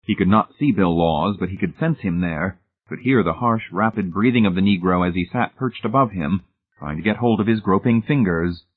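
Male audiobook narrator, low and husky, measured and suspenseful, phone-like lo-fi sound. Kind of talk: scripted narration.

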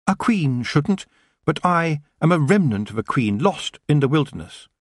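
A man voicing a proud, imperious female elf, a former queen, high and cold. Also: very animated, moderate pace, no echo, studio quality. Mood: haughty.

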